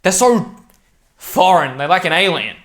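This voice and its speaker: A man's voice: high-pitched, animated, unhurried, a bit bright. A young man talking straight to camera in a rambling, profane, intense and emphatic monologue. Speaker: vlogger.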